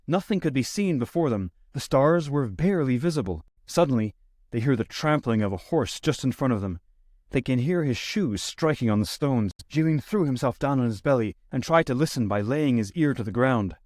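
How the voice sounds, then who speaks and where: A man narrating a classic short story as an audiobook reader, steady, lifting his voice for quoted lines. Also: medium pitch, moderate pace, dry recording, studio quality. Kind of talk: scripted narration.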